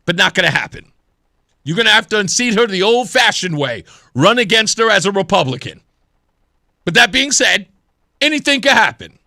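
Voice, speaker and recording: His voice is high-pitched, bright, and forceful as he hosts a talk radio program, offering opinions with sarcasm and mimicry. He's a man in his thirties working in a radio studio with a studio microphone. There's no echo, and the sound is studio quality.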